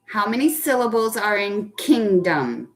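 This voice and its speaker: A young adult woman teacher leading a live online phonics lesson, patiently praising children by name and spelling out words deliberately. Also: mid-range voice, very animated, soft background music.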